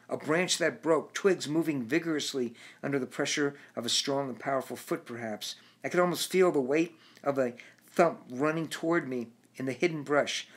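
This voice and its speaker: A man narrating his own book in a measured reading voice with occasional restarts. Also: on the high side. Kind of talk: audiobook narration.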